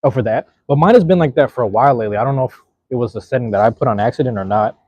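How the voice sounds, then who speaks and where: A man's voice: mid-range voice, very fast, darkish tone, slightly rough, no room sound. A man chatting casually to his live-stream audience while eating, laid-back and slangy, talking to viewers in the chat.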